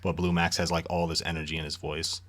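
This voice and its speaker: A man's voice: low-pitched, little pitch movement, quick pace, a bit bright. A man co-hosting a podcast, recapping a book's plot in loose, profane casual chat. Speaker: podcast co-host. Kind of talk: casual book discussion chat.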